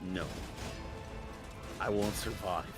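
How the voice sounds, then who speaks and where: A man chatting casually while gaming, retelling jokes in an animated way and laughing often. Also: lowish voice, slow. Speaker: gamer. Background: game music.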